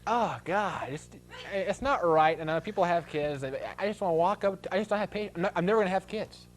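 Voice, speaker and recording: A man's voice: high-pitched, fast talker. A man hosting a talk show, ranting comically and bursting into shrieks and laughter. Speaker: host.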